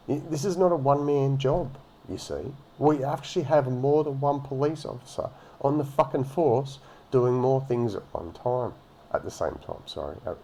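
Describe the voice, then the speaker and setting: A man's voice: medium pitch, mellow, a little hiss or hum. A man giving a profane, mocking rant as he comments on a video. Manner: ranting and mocking, heavy swearing. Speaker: reaction commentator.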